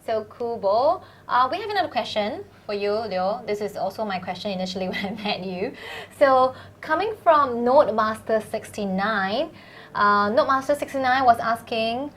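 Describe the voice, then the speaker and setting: Woman host, playful and chatty, higher voice, faint background noise. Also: animated, normal speed, a bit bright. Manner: chatty, playful, laughs often. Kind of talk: live Q&A show hosting.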